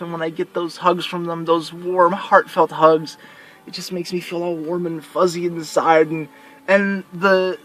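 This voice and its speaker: Earnest male vlogger, high-pitched, rambling monologue. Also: a bit bright. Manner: earnest and rambling, with repeated restarts. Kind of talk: heartfelt personal vlog monologue.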